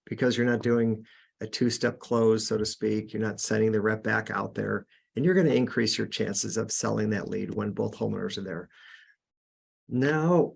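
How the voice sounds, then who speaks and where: A man's voice: on the low side, gravelly, husky. A man hosting a podcast, giving earnest, casual sales coaching with frequent restarts. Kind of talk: casual instructional talk.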